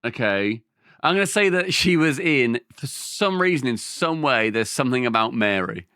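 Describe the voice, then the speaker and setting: Young guy co-hosting a podcast, rambly and sweary, bright voice, dry sound. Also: medium pitch, expressive, normal speed, clean tone, no room sound. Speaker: podcast co-host. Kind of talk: casual chat.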